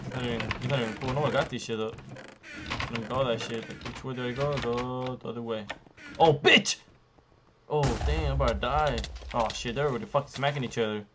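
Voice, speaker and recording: A young man giving profane, frustrated commentary while playing a survival game, jumping between loud outbursts and low muttering. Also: fairly even intonation, fast talker, background noise. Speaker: gaming YouTuber. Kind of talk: profane live gameplay commentary.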